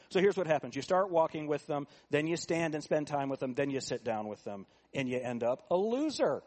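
A middle-aged man preaching a sermon, asking the congregation rhetorical questions and moving between quiet asides and raised, emphatic points. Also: fairly high pitch, lively intonation, fairly quick, few pauses. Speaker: pastor.

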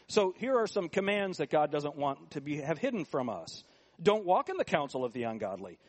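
Preacher giving a sermon. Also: male voice, sing-song, a little fast. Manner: rhetorical questions, swings from low asides to raised emphasis. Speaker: pastor.

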